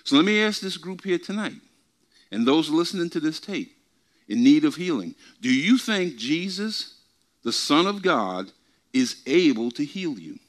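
Animated male preacher, lively questions. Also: on the high side. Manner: asks the congregation questions and repeats himself; reads scripture slowly with emphasis. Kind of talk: bible teaching. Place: church meeting before a group.

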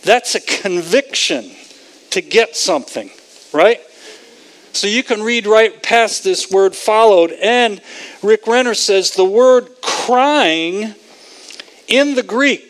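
A man preaching a sermon, animated, acting out the scripture figures in voices. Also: high voice.

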